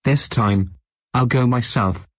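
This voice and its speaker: A man voicing a proud male commander in a fan dub, with a Welsh accent and a calm, resolute delivery. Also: mid-range voice, slow, dry recording, clean studio sound, natural voice. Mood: indignant. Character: arrogant male commander, calm, stubborn, brushing off insults.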